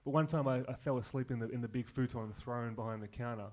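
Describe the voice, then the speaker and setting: A man's voice: mid-range voice, quick pace, a little mellow. Swearing man telling stories. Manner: swears often, laughs through stories. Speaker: guest. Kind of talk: casual podcast chat.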